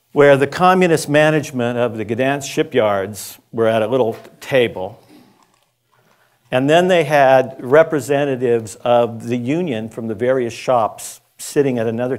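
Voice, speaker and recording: A man speaking at a school conference shares an anecdote as part of a storytelling lecture. His voice sits at a medium pitch with a slight mellowness, and his delivery is loose and chatty, broken by restarts and asides.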